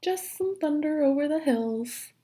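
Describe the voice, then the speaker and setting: A woman's voice: high-pitched, lively intonation, measured pace, dark tone, voice pushed up. A woman voicing a sneaky, hungry male wolf with a growly, sly manner in a storybook reading. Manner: growly, sly, put-on wobbly grandma voice.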